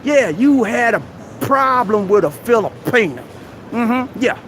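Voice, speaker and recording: A man with a strikingly high voice hosts a live stream from outside a busy mall. He lectures his viewers in a preachy, exhorting way and keeps calling them "man". Faint street and traffic noise sits behind him. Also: expressive, unhurried, a bit bright. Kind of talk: motivational advice rant. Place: outdoors at a busy shopping mall.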